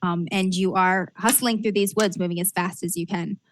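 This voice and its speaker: A woman's voice: lowish voice, fairly even intonation, moderate pace, a little hiss or hum. A woman narrating a tabletop role-playing game as game master, describing scenes with frequent fillers and restarts.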